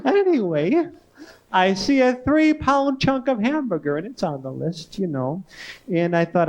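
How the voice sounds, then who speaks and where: A man doing a stand-up comedy set in a club, with an odd sing-song delivery that leaps around, little giggles and a slow, halting, childlike way of telling stories. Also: high voice, animated. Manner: slow, halting, wide-eyed childlike storytelling. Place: comedy club stage with audience laughter. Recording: faint hiss on a 1980s club tape.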